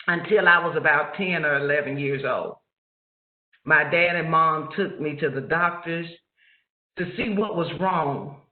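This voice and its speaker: A man slowly and reflectively telling a personal childhood story during a webinar, heard over a video call. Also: a little high. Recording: echoey, phone-like call audio.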